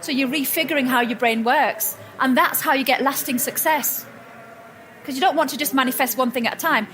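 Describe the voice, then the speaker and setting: High-voiced woman giving a motivational talk. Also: a little fast, faint music behind. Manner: warm storytelling, frequent restarts and self-corrections. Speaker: speaker at a personal growth expo. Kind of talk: motivational talk to a live audience. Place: event hall with audience.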